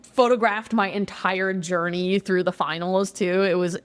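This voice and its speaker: A young woman telling a casual interview story about her competitions, chatty, full of "like", swearing when she gets excited. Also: fairly low pitch, unhurried, clean tone. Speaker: guest, jiu-jitsu competitor.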